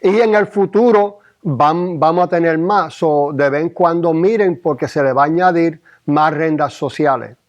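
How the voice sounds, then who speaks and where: Male co-host, Spanish accent, playful quips, somewhat high voice. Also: moderate pace, few pauses, muffled recording. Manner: joking, teasing interjections. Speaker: podcast co-host. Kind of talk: casual chat.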